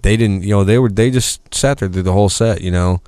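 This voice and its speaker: A man's voice: on the low side, brisk, dark tone, smooth, no room sound, studio quality. A man who plays in a band, telling rambling, profanity-filled stories in a casual chat. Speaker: musician guest.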